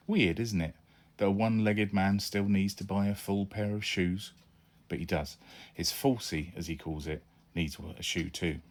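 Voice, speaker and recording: A man's voice: low-pitched, steady tone, moderate pace. A man reading his own children's adventure book aloud, narrating chattily in the first person as a young boy.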